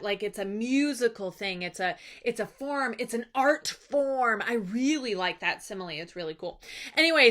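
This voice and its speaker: An enthusiastic young woman teacher recapping a lesson in a chatty, casual way. Her voice is bright and lively, sitting a touch high, and she talks with obvious delight.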